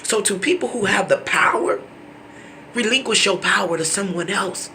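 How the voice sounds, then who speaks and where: A man speaks straight to camera in an impassioned, preachy monologue. His voice sits fairly high and carries a gravelly, bright edge. He often sinks to a hushed near-whisper and stumbles over repeated words when the feeling runs high. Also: normal speed, a little hiss or hum. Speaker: vlogger.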